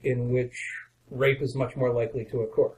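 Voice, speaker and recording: Man interviewing in a measured way. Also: medium pitch, flat delivery, a little mellow, a little hiss or hum, rough recording. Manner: measured, thoughtful questioning. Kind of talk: interview conversation.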